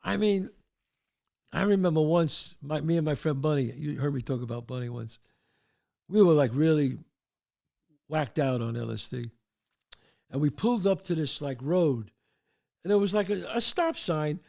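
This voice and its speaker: A slightly high, gravelly voice at normal speed, with frequent pauses, comes from an older show host out of the Bronx, New York. His casual storytelling is animated, with the voices in his tales acted out.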